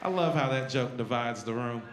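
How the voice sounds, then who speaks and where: A man's voice: medium pitch, moderate pace, very noisy. A male stand-up comedian performing a live set with a brash, punchy, conversational delivery. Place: live comedy venue with an audience.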